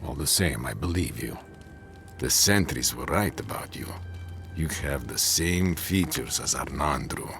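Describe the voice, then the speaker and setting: Dwarf commander, video game, blunt, grim, gravelly, very deep, faint music behind. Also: male voice, lively intonation, unhurried, heavily acted. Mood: wary. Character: gruff male dwarf tower commander, weary.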